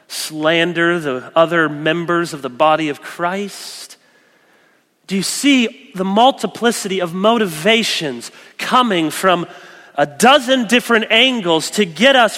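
Animated male preacher, bright ringing voice. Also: on the high side. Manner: animated, shifts between loud emphasis and soft quoted asides. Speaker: pastor. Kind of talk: sermon. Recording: long echoey church hall.

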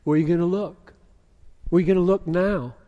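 A man's voice: high-pitched, fairly even intonation, fairly quick, lo-fi sound. A man preaching a sermon, asking rhetorical questions and reading scripture aloud with rising, emphatic force. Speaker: pastor. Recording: long hall reverb.

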